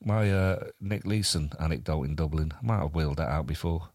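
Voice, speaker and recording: A man's voice: a bass voice, fairly quick, a little mellow, no room sound. A man co-hosting a comedy podcast, chatting casually and telling a rambling story. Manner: rambling storyteller, many restarts and fillers. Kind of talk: casual chat and anecdote.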